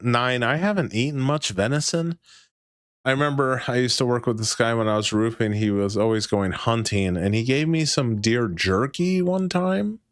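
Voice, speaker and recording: A man's voice: mid-range voice, no echo, studio quality. A man in his thirties hosting a casual livestream chat, rambling and swearing often as he reads and answers chat. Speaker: livestream host.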